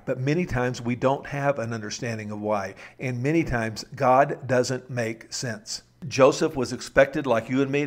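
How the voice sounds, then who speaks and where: A man preaching a sermon, telling stories and raising his voice for quoted lines, slowing down for emphasis. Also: medium pitch. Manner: storytelling, raises voice for quoted lines; slows for emphasis, restarts words. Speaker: pastor.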